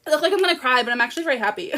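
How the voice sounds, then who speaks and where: A woman's voice: high-pitched, animated, very fast, bright, forceful tone. A Canadian woman in her thirties hosting a casual birthday livestream, bubbly and gushing as she thanks her viewers one by one. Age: 30s. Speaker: livestream host.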